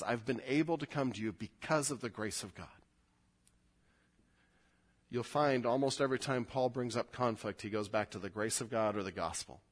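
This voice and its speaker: A man, a pastor, preaching a verse-by-verse sermon, often climbing high and loud as he explains. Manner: animated, rises sharply in pitch and volume when explaining.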